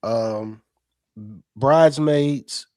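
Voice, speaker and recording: A man's voice: medium pitch, extremely slow, a little mellow, dry recording, studio quality. A man on a casual podcast panel, talking in a rambling, profane way with many restarts.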